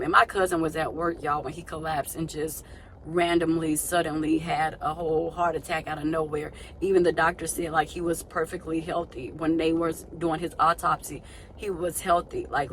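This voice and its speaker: Woman vlogger, low voice with little rise and fall, candid and searching, faint noise behind. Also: low-quality recording. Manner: candid, searching, repeats her questions. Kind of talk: personal reflective vlog.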